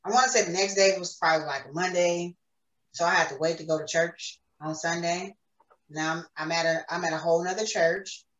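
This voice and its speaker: A woman's voice: on the low side, fairly even intonation, brisk, dull audio. A woman giving an earnest, emotional personal faith testimony as a podcast guest. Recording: roomy echo, distant mic.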